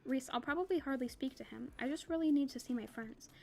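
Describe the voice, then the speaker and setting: An anxious, torn young heroine, read aloud by a woman pleads her case in a bright voice. The delivery is quick and earnest. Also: sits high, creaky. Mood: pleading.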